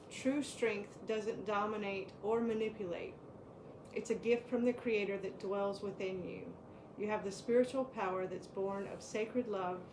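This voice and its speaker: A woman speaks slowly as she reads card meanings aloud on a spiritual talk show. The room is echoey and there is clear noise in the background. Between readings she chats casually and laughs often. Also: medium pitch.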